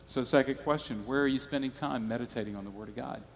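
A man's voice: mid-range voice, fast, gravelly, slight background noise. Man preaching a sermon in a reverberant hall. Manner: conversational, storytelling preaching. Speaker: pastor.

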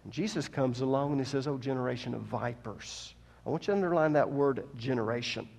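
A male preacher delivering a sermon. He goes from quiet teaching to loud, impassioned preaching and asks the congregation questions. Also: mid-range voice, fairly quick, gravelly.

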